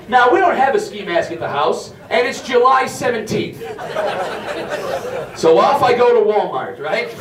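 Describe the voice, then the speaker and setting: A man's voice: high-pitched, very animated, normal speed, fairly bright tone, echoey room, far from the mic, a little hiss or hum. A man doing a stand-up comedy set, telling stories in a brash, profane way. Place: comedy club stage.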